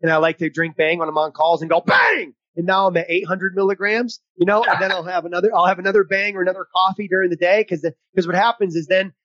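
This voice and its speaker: A man's voice: high voice, steady tone, fast, few pauses, a bit bright, dry recording, lo-fi sound. A man co-hosting a podcast as a mental performance coach, chatting casually with energy and frequent restarts.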